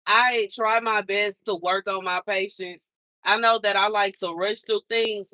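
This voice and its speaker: Venting to her livestream viewers, a young woman sounds frustrated and emphatic, returning again and again to the same grievances. Her medium-pitched voice is bright and tense, captured close and dry with no room echo.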